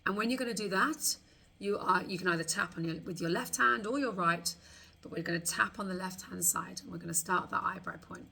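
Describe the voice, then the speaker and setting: A woman leading a guided tapping meditation, slowly voicing frustrated thoughts for the listener to repeat. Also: on the low side, creaky, bright, forceful tone, breathy edge. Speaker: tapping coach.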